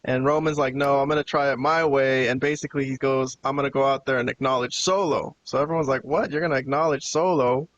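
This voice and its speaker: A man's voice: mid-range voice, fast talker, few pauses, dull audio, slight background noise. A man hosting a podcast, casually recapping a wrestling show and acting out the quoted lines as he tells it. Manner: animated retelling with quoted dialogue. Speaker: podcast host.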